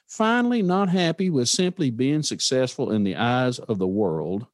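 A man's voice: mid-range voice, lively intonation, normal speed, no echo. A man hosting a motivational podcast, speaking earnestly, telling stories and putting questions to the listener. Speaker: podcast host. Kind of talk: motivational talk.

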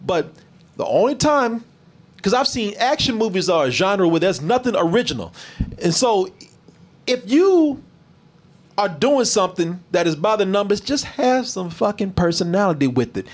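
A man reviewing a movie in casual chat with a live stream, animated and profane, mocking bad lines. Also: high voice, normal speed.

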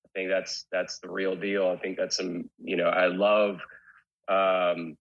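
A man's voice: deep voice, level tone, unhurried, dull audio. A man as a guest in a casual interview, talking candidly and rambling with many restarts. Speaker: guest, rock singer.

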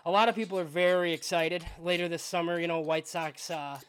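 A man hosting a podcast, asking questions in a relaxed, conversational way. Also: a little high, brisk, clear, resonant tone. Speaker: podcast host. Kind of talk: casual interview.

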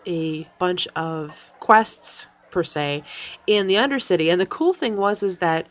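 A woman's voice: on the low side, animated, unhurried. A woman hosting a podcast in casual chat, talking chattily with many fillers and frequent laughs. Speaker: podcast host. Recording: dull lo-fi sound.

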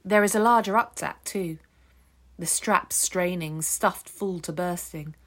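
A woman narrating an audiobook extract in a measured, descriptive storytelling manner. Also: lowish voice. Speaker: audiobook reader. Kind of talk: scripted narration.

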